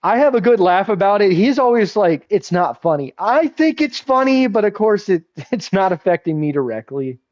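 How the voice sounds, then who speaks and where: A young man chats his way through a livestream, wandering from one story to the next with easy, offhand swearing. His voice sits a little higher than most men's, and the mic sounds close and dry with no room echo. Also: big pitch swings, moderate pace, few pauses. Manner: rambling storyteller, swears casually. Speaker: streamer. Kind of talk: casual livestream chat while gaming.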